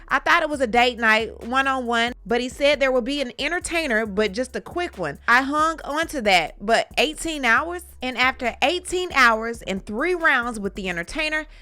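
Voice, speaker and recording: Woman host reading out trial testimony fast, tossing in quick asides, crisp bright voice. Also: sits high, no echo. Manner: brisk read-through with short reaction asides. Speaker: commentary channel host. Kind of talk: reading court testimony aloud.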